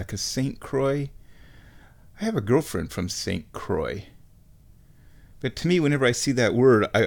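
A man rambling to the camera at home, wry and digressive, with frequent chuckles. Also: mid-range voice. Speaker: vlogger. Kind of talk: casual rambling monologue.

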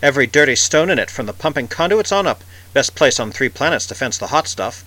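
Tough male outlaw, blunt and tense, bright forceful tone; a man reads the part. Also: medium pitch, animated, fairly quick, pitched above the performer's own voice, low-quality recording. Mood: hard. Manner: hard, clipped and insistent.

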